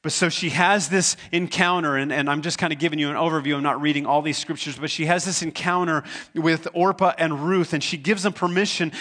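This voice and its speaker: Male pastor, sermon, conversational storytelling, somewhat high voice, earnest, repeats words. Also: steady tone, fairly quick, a bit bright. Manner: conversational storytelling, retelling scripture in his own words.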